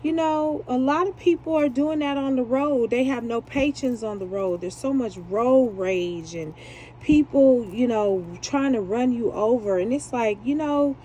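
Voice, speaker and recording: A woman's voice: on the high side, unhurried, dark tone, slight background noise, poor audio. A woman chatting casually while she makes beaded jewelry and laughs at herself. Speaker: jewelry maker. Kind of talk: casual chat while beading.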